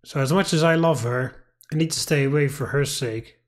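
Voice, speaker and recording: A young man plays a visual novel as a let's play gamer, reading the game text aloud and commenting casually in a mid-range voice at a moderate pace. He grows exasperated and swears at the story's choices.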